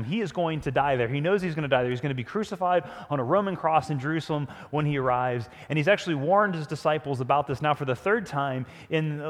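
Man preaching in an echoing hall. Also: a little high. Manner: animated storytelling, often dropping to a hush. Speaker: pastor. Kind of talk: sermon.

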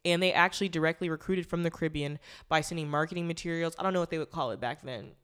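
Smooth-voiced young woman rambling casually. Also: low voice, rapid-fire, a bit bright. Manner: rambling, self-correcting, blunt and irreverent. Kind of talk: casual commentary monologue.

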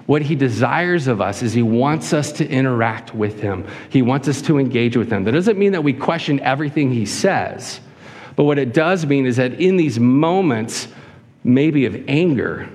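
Earnest preacher with hall echo. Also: male voice, mid-range voice. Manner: earnest, asks many rhetorical questions. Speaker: pastor. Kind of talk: sermon. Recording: hall reverb.

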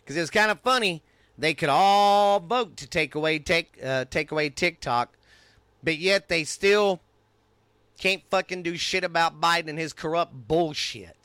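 A man's voice: on the high side, unhurried, bright, forceful tone, smooth, dry recording. A middle-aged man with a Texan accent, hosting a podcast and delivering an angry, profane rant in his own voice. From United States. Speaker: podcast host. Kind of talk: ranting monologue.

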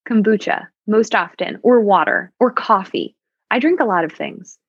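A woman's voice: mid-range voice, normal speed, husky, dry recording. A woman sommelier talks casually on a podcast, chatty and upbeat, dropping wry jokes between tips. Her voice sits mid-range and sounds a bit dull and lo-fi. The recording is dry. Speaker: sommelier guest.

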